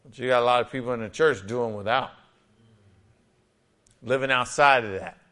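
A male pastor preaching a lively, conversational sermon, often acting out little scenes and quotes. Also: mid-range voice, normal speed.

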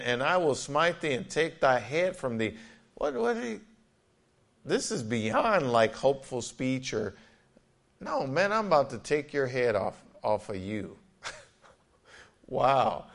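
A man's voice: mid-range voice, animated, unhurried. A man pastor preaching an emphatic sermon with frequent amens and scripture readings.

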